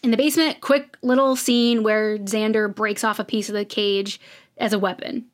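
This podcast co-host has a mid-range voice, fairly even intonation, and a normal speaking speed. She walks through episode recaps like a relaxed chat, telling the story and acting out what characters said.

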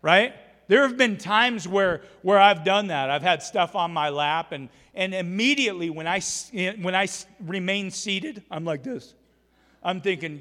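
A man preaching a sermon as pastor, animated and exhorting, acting out everyday scenes. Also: sits high, normal speed. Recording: long hall reverb.

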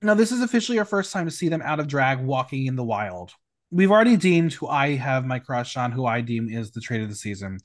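A man's voice: mid-range voice, expressive, brisk. A man hosting a recap podcast, reading a script in a sassy, teasing way and bantering with his guest. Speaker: podcast host.

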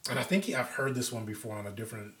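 Animated, profane man in a roomy space. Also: medium pitch, rapid-fire. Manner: animated storyteller, profane and laughing. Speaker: podcast host. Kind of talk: casual chat. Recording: roomy echo.

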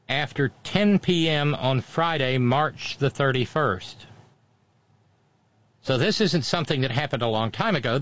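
A man's voice: medium pitch, a bit bright, lo-fi sound. A man hosting casual political commentary, sardonic and mocking, with frequent asides.

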